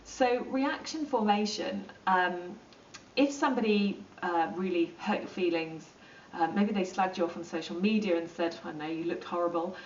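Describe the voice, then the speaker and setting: A woman explaining psychology in a relaxed, chatty lesson, with plenty of ums and acted-out asides. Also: medium pitch, normal speed, slight background noise. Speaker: psychology teacher. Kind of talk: informal lesson explaining to camera. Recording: roomy, distant and dull.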